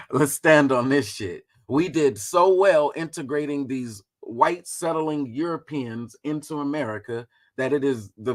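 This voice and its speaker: A man hosting a casual livestream, talking through history in a slangy, profane, animated way. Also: medium pitch. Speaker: host.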